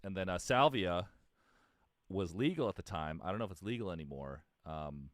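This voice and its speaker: A man's voice: sits low, lively intonation, normal speed, dry recording, studio quality. A man, a musician guest in a casual interview, telling stories in a rambling way with lots of fillers and restarts.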